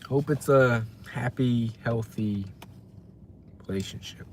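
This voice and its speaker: Young male streamer, casual chat, slow and rambling, reads viewer names aloud. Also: mid-range voice, noisy background. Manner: rambling, talks to viewers by name. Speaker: livestreamer reading chat.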